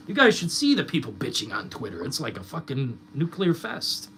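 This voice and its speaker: A man's voice: mid-range voice, wildly swooping pitch, fairly quick, hardly any pauses, a bit bright, slight background noise. A young man streamer ranting in casual chat, swearing a lot and mocking his critics.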